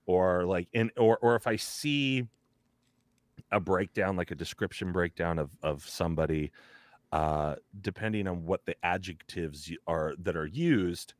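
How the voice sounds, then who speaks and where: A man's voice: low voice, unhurried, no echo. A man who works as a voice actor, talking casually as a podcast guest, rambling with lots of fillers and breaking into character voices.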